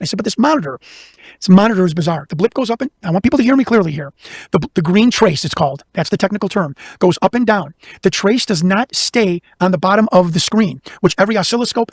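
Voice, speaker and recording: High-voiced guy rattling off a story super fast, dry close sound. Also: husky, no echo. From Chicago. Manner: fast, animated, talks over himself with restarts. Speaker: guest investigator. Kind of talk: casual storytelling interview.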